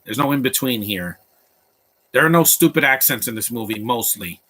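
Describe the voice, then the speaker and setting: A man's voice: mid-range voice, expressive, moderate pace, sharp tone. A man giving live, blunt and opinionated commentary over a movie, rambling from one aside to the next. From Latino background.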